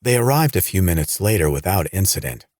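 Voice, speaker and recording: A man with a very low, husky voice reads a horror audiobook. His delivery moves up and down in pitch with dramatic flair. The recording is close and dry. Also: a little fast, no echo. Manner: dramatic, lively storytelling. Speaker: audiobook narrator. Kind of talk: scripted horror narration.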